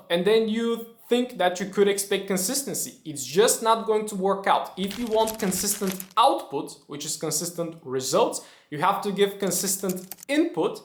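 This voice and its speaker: Man giving an emphatic motivational trading lesson, fairly high pitch, echoey room. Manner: emphatic, keeps asking "right?". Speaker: trading educator. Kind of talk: motivational talk to camera. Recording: roomy echo.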